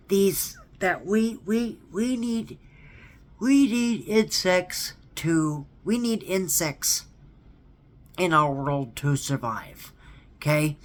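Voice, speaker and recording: A man talks slowly and deliberately, stumbling over his words and doubling back on them. He keeps pressing his point with emphatic repeats, and he checks in with a pleading "okay?" as he vents in a casual rant. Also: a little high, fairly bright tone. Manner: earnest and emphatic. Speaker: theme park fan vlogger. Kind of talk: ranting casual monologue.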